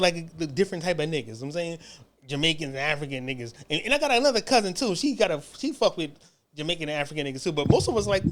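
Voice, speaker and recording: A man from the United States ranting in a casual, profane, rambling way, often stumbling and restarting his sentences. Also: high-pitched. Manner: rambling, repetitive, heated, frequent stammered restarts. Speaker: commentary channel host.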